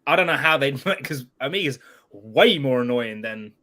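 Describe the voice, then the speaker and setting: A man hosting a live stream, chatting loudly with friends and swearing often. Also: mid-range voice, expressive, moderate pace. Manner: loud, swearing, laughing banter. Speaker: host. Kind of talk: casual live-stream chat.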